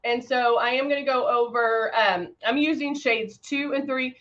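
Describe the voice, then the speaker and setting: A woman's voice: fairly high pitch, moderate pace, fairly bright tone, highs cut off. A woman casually demonstrating airbrush makeup on a livestream, greeting viewers by name while she works. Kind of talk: casual live makeup demo chatting with viewers.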